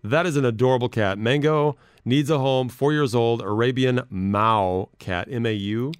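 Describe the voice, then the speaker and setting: A man's voice: medium pitch, normal speed, a little mellow, clear, resonant tone, no echo, clean studio sound. Rambling self-deprecating male podcast host. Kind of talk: casual podcast chat.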